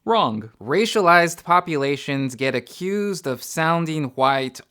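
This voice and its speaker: Animated man explaining linguistics. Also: on the high side, slow pace, clear, resonant tone. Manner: energetic, conversational lecturing. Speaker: educator and channel host. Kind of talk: educational video explainer.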